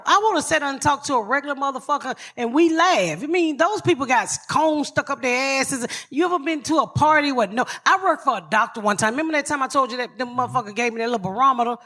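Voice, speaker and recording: A woman's voice: high-pitched, lively intonation, fast talker, few pauses, a bit bright. A woman podcast host telling profane comic stories on a live stage, brash and blunt, laughing through her tales.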